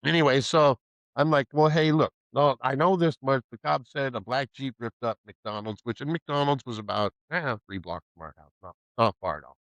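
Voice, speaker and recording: A man's voice: mid-range voice, moderate pace, no room sound, highs cut off. A man telling a rowdy story in a casual chat, swearing freely, laughing often and acting out the other people's lines. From Pacific Northwest of the US. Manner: profane, animated, laughs often, acts out quoted voices. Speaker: podcast host telling a story.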